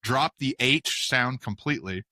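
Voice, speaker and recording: A man hosting a sports podcast in casual chat, animated and given to emphatic repetition. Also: mid-range voice, measured pace, dry recording. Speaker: podcast host.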